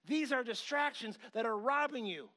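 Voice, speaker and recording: Man, middle-aged, sermon, high voice, animated, loud then hushed, acts out quoted voices. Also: normal speed. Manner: animated, swinging between loud outbursts and quiet asides. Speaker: preacher.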